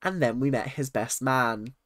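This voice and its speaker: A man's voice: medium pitch, measured pace, dry recording. Young male vlogger, exasperated ranting commentary, dry close sound. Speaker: reaction vlogger. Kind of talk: casual commentary on a reality show.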